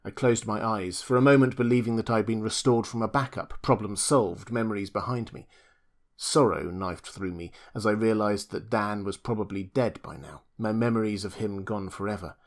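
A man narrating a first-person audiobook in a measured, reflective reading. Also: fairly low pitch.

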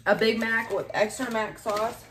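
A woman's voice: fairly high pitch, little pitch movement, moderate pace, fairly bright tone, slight background noise. Chatty young woman vlogging a mukbang. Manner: chatty, hypes subscribing, trips over words. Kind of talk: casual mukbang vlog. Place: home. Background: child in the background.

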